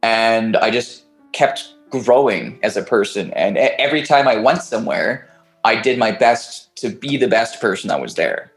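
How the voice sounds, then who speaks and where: Man, podcast guest, casual storytelling, rambling, restarts, mid pitch, faint music behind. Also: expressive, moderate pace, rough recording. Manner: rambling, frequent restarts and fillers, casual swearing.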